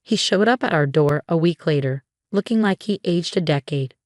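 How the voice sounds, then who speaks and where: Woman narrator for dramatic story reads; lowish voice, dry close sound. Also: lively intonation, moderate pace, darkish tone, no room sound. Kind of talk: scripted narration.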